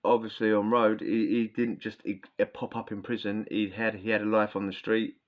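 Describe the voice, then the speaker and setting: Low-voiced man telling prison stories. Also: level tone, moderate pace. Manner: rambling, slangy, restarts often. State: sore throat, coughing. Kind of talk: casual storytelling. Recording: dull lo-fi sound.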